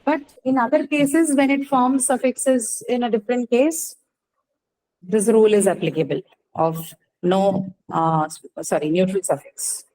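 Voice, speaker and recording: A woman teaching an English class, explaining slowly and checking in with "right?" after each point. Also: fairly high pitch, dark tone, rough recording. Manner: explains patiently, says "right?" often. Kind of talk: online class lecture.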